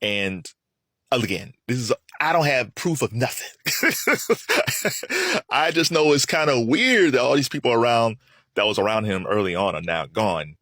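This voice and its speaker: A man giving casual solo commentary, chatty and animated, laughing often and restarting his sentences. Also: mid-range voice, a little slow, dry recording, clean studio sound.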